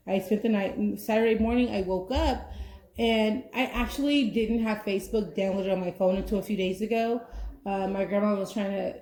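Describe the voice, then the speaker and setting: A woman's voice: mid-range voice, normal speed, warm tone. A young adult woman hosting a podcast, chatting casually in a rambling way, full of "like" and "you know". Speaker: podcast host. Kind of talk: casual chat.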